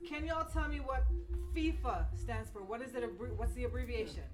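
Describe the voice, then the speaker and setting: A woman's voice: fairly high pitch, animated, moderate pace, music in the background. A woman co-hosting a casual podcast, teasing and laughing as she quizzes the group on trivia. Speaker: podcast co-host asking trivia.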